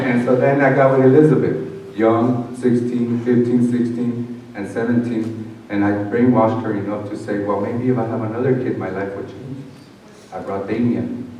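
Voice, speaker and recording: A man's voice: fairly low pitch, mellow, distant mic, slight background noise. Man telling his story in an echoey hall. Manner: storytelling, acting out voices of people in his past. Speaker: speaker sharing his life story. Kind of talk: personal testimony to an audience. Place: large hall at a summit.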